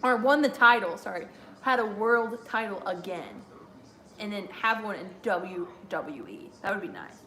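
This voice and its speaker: A woman's voice: mid-range voice, animated, a little slow, sharp tone. Young woman doing a chatty watch-along stream, laughs a lot, reads chat out, kinda roomy echo. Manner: chatty, giggly, reads viewer chat aloud. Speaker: live stream host. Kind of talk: casual watch-along commentary.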